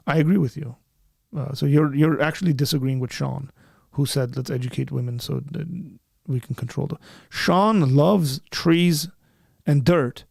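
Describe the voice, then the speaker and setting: Gravelly male live-show host, dry sound. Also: medium pitch, a little mellow, dry recording. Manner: argumentative, quick restarts and repeated words. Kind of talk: live call-in show, reading and answering chat.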